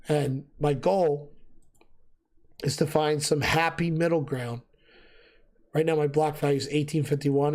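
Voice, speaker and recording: Man losing his voice explaining gear. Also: on the high side. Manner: relaxed, thinking aloud with fillers. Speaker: gaming video host. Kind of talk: casual gameplay gear explanation.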